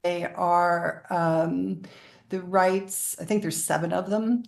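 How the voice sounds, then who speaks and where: Low, gravelly woman telling a story. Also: fairly even intonation, slow pace. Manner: rambling, laughs often while telling stories. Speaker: interview guest. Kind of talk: conversational storytelling.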